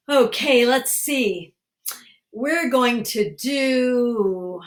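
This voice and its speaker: An older woman leading a guided online laughter exercise, cheerfully coaching listeners through each step. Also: medium pitch. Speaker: laughter instructor.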